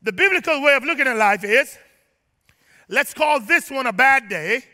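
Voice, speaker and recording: A male pastor preaches animatedly at normal speed in a church sanctuary, the big room audible around him. His emphatic sermon rises to shouts, drops to low asides, and invites the congregation to answer.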